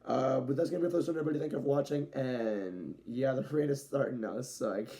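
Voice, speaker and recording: A man's voice: medium pitch, fast talker, warm tone. A young man casually reviewing a wrestling show in a loose, rambling way, often correcting himself and using slang.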